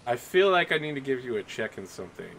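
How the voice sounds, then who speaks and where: A man's voice: mid-range voice, big pitch swings, quick pace, gravelly, noisy background. A man narrating a tabletop game as game master in a casual, chatty way. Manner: casual, chatty, many fillers.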